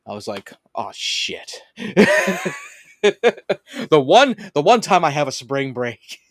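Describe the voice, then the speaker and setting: A male podcast host telling stories in casual chat, his pitch jumping all over as he laughs and swears his way through. His voice sits in a middle register and sounds dry and close on the mic. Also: takes it slowly, no echo. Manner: animated storyteller, swears and laughs often.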